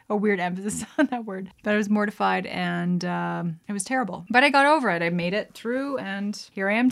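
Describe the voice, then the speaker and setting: A young woman in her twenties from Alberta, Canada, telling personal stories in a chatty, expressive way, laughing often and saying "like" a lot. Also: medium pitch. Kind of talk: casual personal storytelling.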